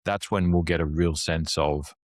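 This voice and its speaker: A man's voice: low voice, fairly even intonation, moderate pace, no room sound, clean studio sound. A man who is a guest on a business chat, laying out his points analytically in long lists that build up.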